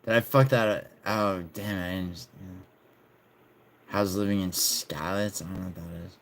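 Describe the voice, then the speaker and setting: A male streamer with a very low voice chats loosely with his viewers. He banters and swears freely as he reads their messages aloud. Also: steady tone, normal speed, a little hiss or hum. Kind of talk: casual livestream chat reading viewers' messages.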